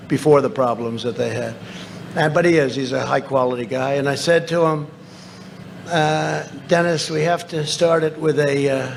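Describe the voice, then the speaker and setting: Man, rally speech, boastful, repetitive, gravelly, high-pitched. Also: slight background noise. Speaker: politician speaking at a rally. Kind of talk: rally speech, anecdotes told to a crowd. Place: large rally venue.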